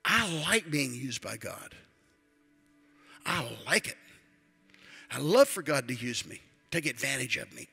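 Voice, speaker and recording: A man's voice: medium pitch, lively intonation, unhurried, vocal fry, long pauses, a bit bright, slightly rough, faint music behind. An older man, a retired pastor, preaching a sermon in a church with emphatic, repetitive declarations.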